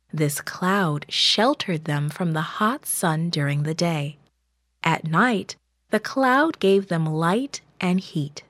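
A woman narrating a children's Bible story in a slow, measured, gentle scripted reading. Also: fairly low pitch, dry recording, clean studio sound.

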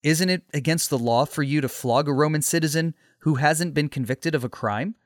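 A man voicing a calm, polite male prisoner speaking up for himself in a storybook. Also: on the high side, normal speed, dry recording, clean studio sound. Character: calm, polite male apostle under arrest.

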